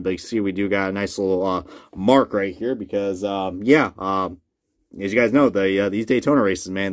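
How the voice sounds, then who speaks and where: A man casually reviewing a collectible model car, chatty and swearing freely, often jumping into loud disbelief. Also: on the low side, no room sound, clean studio sound. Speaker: diecast reviewer.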